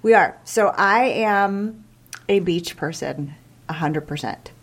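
A woman's voice: on the low side, takes it slowly, husky. A middle-aged woman from the Kansas City area co-hosting a casual local chat show, talkative and joking, rambling through her stories. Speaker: co-host.

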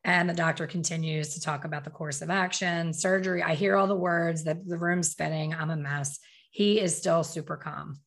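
A middle-aged woman tells a personal story with a slightly low voice. She is candid and emotional, and often corrects herself mid-sentence with quick asides. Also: steady tone, vocal fry. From Philadelphia.

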